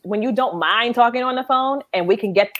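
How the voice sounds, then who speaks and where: A woman in recruiting talking in a casual chat on a video call, direct and opinionated and quick to push back. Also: on the high side, highs cut off.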